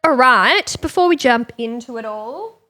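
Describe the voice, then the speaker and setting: A woman's voice: fairly high pitch, animated, a little slow, bright, forceful tone. Stuffy-nosed woman, podcast co-host. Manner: upbeat, laughs often, reads reviews aloud. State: nasal from a cold. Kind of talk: casual chat.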